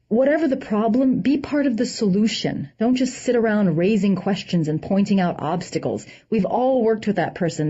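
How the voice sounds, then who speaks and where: A woman's voice: mid-range voice, dark tone, slightly rough. A woman reading a humorous essay aloud with a dry comic delivery, acting out the quoted lines. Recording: dull lo-fi recording.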